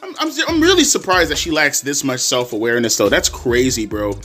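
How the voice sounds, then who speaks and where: A man ranting and mocking loudly in a profane reaction commentary. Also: medium pitch, fairly quick, faint music behind. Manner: loud, profane, mocking and animated. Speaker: reaction video creator.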